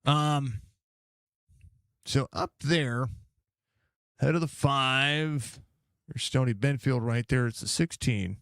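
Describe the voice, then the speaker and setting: A man doing casual live commentary on a sim race while chatting with viewers, with excited outbursts at crashes. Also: mid-range voice, takes it slowly, long pauses, no echo. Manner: chatty, greets viewers by name between race calls. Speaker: sim racing league commentator and streamer.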